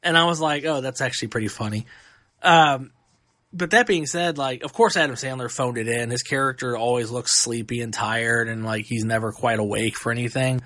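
Bright-voiced man ranting about movies. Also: mid-range voice, moderate pace, no room sound. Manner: animated, ranting, frequent fillers and restarts. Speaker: podcast host. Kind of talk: casual movie review chat.

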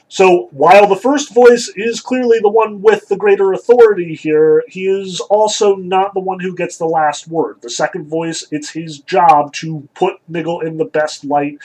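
Husky man lecturing on a text. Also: on the high side, darkish tone, rough recording. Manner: thoughtful, explanatory, with frequent ums and likes. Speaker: literature lecturer. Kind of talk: lecture reading and analyzing a text.

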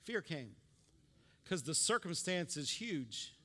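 High, bright-voiced preacher in a reverberant church. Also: male voice, sing-song, takes it slowly. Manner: conversational preaching with asides and call-and-response. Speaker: pastor. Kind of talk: sermon.

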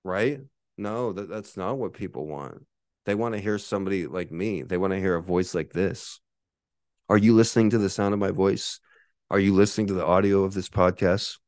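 A man in his forties delivers a solo podcast rant, boastful and combative, peppered with swearing. His voice sits on the low side. The recording is dry and close, with no room echo. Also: fairly quick, a little mellow. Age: 40s. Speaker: podcast host. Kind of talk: ranting podcast monologue.

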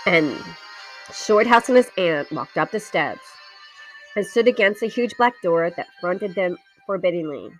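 Dramatic hushed woman reading a ghost story. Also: lowish voice, expressive, faint music behind. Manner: hushed, drops into whispers, slows for suspense.

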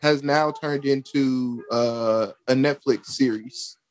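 A man in casual chat, relaxed and hesitant, with frequent ums and restarts. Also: mid-range voice, slow pace, no room sound.

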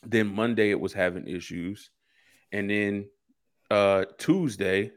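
A man's voice: fairly low pitch, steady tone, takes it slowly. A man co-hosting a casual sports talk show, telling rambling stories in slangy everyday speech. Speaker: co-host.

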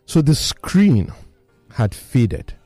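Guy telling stories, super lively up and down delivery, dry mic, bit of music under. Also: medium pitch, drawn-out words, no echo. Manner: animated storyteller, lively and emphatic. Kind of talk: casual explanatory talk with personal stories.

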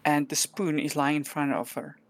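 Low-voiced woman game master, dry sound. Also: little pitch movement, normal speed, creaky, no room sound. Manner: descriptive, with many "like" fillers. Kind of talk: narrating a tabletop role-play game.

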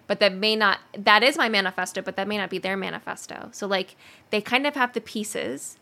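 Woman podcast host, bright tone, animated casual chat, filler-heavy. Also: medium pitch, a little fast. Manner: chatty and animated, many fillers.

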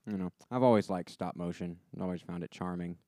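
Podcast co-host, male, low and smooth, loose rambling delivery. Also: a little fast, mellow, no echo, studio quality. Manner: rambling, filler-heavy with many "like"s. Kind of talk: casual chat.

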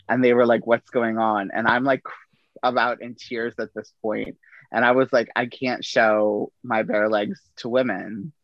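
A middle-aged man tells his stories at an easy pace, acting out the people in them. His voice has a gravelly edge. The recording sounds dull and dry. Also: medium pitch, no room sound. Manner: relaxed anecdotal delivery with quoted dialogue. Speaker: podcast guest, army veteran. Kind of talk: casual storytelling.

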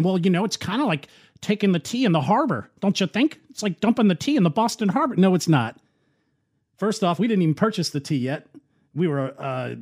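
A man delivers opinionated political commentary in a loose, conversational way. His voice sits a little high, and he talks with a sarcastic, scoffing edge. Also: a little mellow. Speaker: commentary show host.

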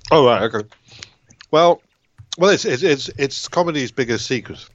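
A man's voice: mid-range voice, expressive, moderate pace, no echo, lo-fi sound. Rambling, hesitant man on a call. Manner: rambling, hesitant, repeats words. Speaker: comedian guest. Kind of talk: casual chat on a call. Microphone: call over the internet.

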